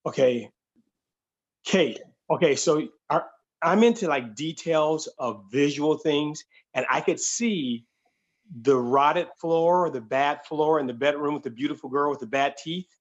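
A man's voice: a little high, measured pace, highs cut off. A man who is a comedian, telling stories and chatting in a Q&A over a video call. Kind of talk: storytelling and Q&A chat.

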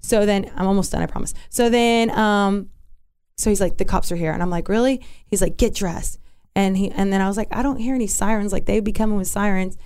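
A woman telling a personal story in an interview, candid and halting, with restarts and asides. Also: medium pitch, fairly even intonation, darkish tone, clean tone. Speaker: interview guest.

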